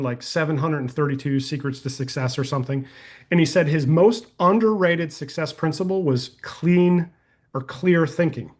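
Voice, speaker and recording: A man hosting a live question-and-answer call, coaching attendees in a folksy, energetic way and telling anecdotes. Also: fairly high pitch. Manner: energetic and folksy, uses "y'all", tells anecdotes. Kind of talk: casual webinar Q&A.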